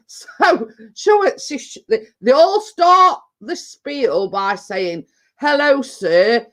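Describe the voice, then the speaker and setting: A woman's voice: sits high, big pitch swings, drawn-out words, a bit bright. A middle-aged woman, chatting casually on her vlog in a rambling storytelling way, full of fillers and restarts. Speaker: vlogger. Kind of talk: casual chat.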